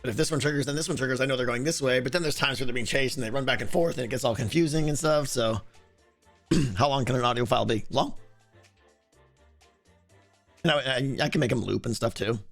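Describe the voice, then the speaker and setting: A man streaming a game, chatting casually with viewers and thinking aloud, with a hoarse voice and many restarts. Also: medium pitch, fast, pauses often, a bit bright, faint music behind. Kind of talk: casual livestream chat answering viewers.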